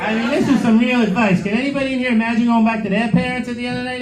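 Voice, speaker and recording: A man's voice: very high-pitched, fairly even intonation, racing, hardly any pauses. A middle-aged man doing a stand-up comedy set, telling crude, sarcastic stories on stage in a comedy club. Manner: crude, sarcastic storytelling with acted quotes. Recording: roomy club with crowd laughter.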